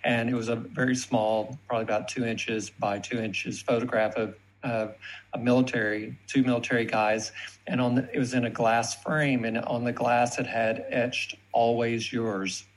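A man with a thick Texas accent, telling a story as an interview guest. His manner is easygoing and animated, and his voice sits at a middle pitch. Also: moderate pace, a little hiss or hum, poor audio. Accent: Texan. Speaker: guest, photo collector.

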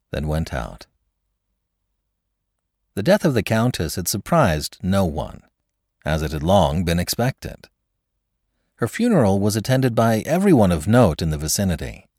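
Deep-voiced man reading a classic tale. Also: no room sound, studio quality. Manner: expressive, dramatic storytelling. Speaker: podcast narrator. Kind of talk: scripted narration.

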